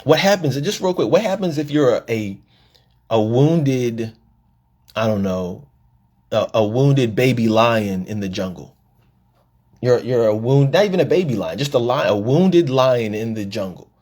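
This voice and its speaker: A man's voice: mid-range voice, lively intonation, unhurried, a little mellow. A middle-aged man, a podcast host and life coach, delivering a live-taped monologue in a preachy storytelling way, repeating words and acting out the people he quotes.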